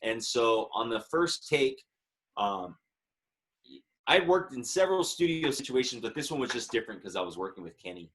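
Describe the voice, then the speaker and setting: A man's voice: mid-range voice, big pitch swings, moderate pace, a bit bright. A man in his thirties, a musician guest telling a story in a casual interview, chatty and earnest. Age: 30s.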